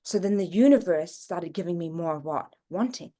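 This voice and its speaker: A woman guest in a conversational interview who explains psychic readings earnestly, with her pitch rising and falling as she talks. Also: lively intonation, moderate pace, warm tone.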